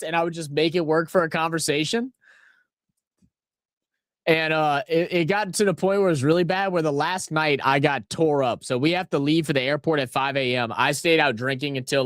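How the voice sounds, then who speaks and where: A watch-along host from New Orleans, USA speaks in a New Orleans accent and a higher-pitched voice, with clean studio sound and no room sound. He casually talks over a live match and tells stories, rambling, profane and excitable throughout.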